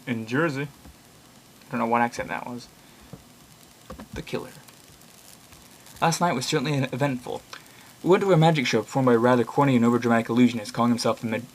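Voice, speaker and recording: Young guy reading creepy blog posts out loud, rambles a lot, opinionated, swears here and there. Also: medium pitch, fast, pauses often. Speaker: reader and commentator of online horror blogs. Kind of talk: casual reading aloud with commentary.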